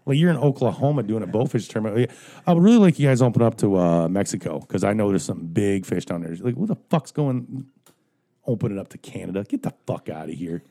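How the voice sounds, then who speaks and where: A man's voice: fairly low pitch, lively intonation, fast talker, mellow. A man ranting in casual podcast chat, profane and joking.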